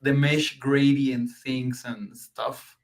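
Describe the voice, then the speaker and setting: A man co-hosting a livestream, relaxed and quick with reactions. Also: medium pitch. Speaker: livestream co-host. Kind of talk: casual live chat.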